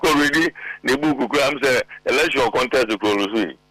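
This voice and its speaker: A man's voice: medium pitch, a little fast, bright, forceful tone, dry recording, poor audio. A middle-aged man with a Ghanaian accent, talking emphatically on a political talk show and mixing Twi with English. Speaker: guest politician.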